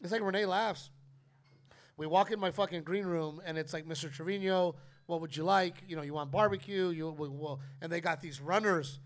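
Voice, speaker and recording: A man's voice: a little high, moderate pace. Profane storytelling man, live podcast. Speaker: comedian podcast host. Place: live audience at a distillery.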